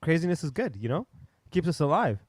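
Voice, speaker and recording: A man's voice: on the high side, sing-song, brisk, darkish tone, no echo. A man hosting a casual group chat on a stream, talking in a chatty, jokey way. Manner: chatty, jokey, apologetic about swearing. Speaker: stream host. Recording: noisy stream audio.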